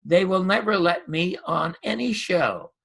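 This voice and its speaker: A wry, unhurried male district attorney speaks in a dry, measured tone, quoted by a gravelly older man in an interview. The voice stays rough and husky. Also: high voice, lively intonation, a bit bright, exaggerated voice. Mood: doubtful.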